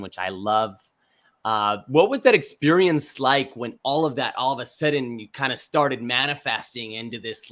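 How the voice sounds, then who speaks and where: A man's voice: medium pitch, a bit bright. A man hosting a podcast interview, giving brief affirmations and asking easygoing questions. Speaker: podcast host. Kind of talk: casual interview.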